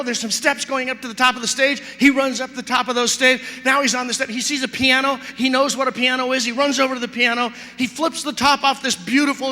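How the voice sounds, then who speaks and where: A middle-aged man preaches to a big crowd with a high, bright voice that carries far. He tells his story with lively swings from loud cries to soft whispers. The sound rings out with the long echo of a large hall. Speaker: youth speaker. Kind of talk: sermon. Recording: live hall recording with long reverb.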